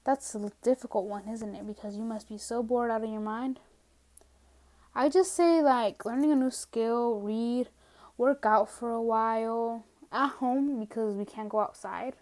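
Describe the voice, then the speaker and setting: A young woman hosts her podcast solo from home, indoors, ranting casually and with self-mockery, trailing off into asides. Her voice is slightly high with a darkish tone, and she keeps a measured pace while sounding a bit out of breath.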